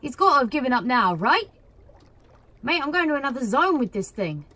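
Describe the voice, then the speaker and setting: A woman commentating her own gameplay in an excitable way, cheering, shouting and laughing at the screen. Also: high voice, fairly quick, dry recording. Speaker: gaming video creator. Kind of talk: let's play commentary.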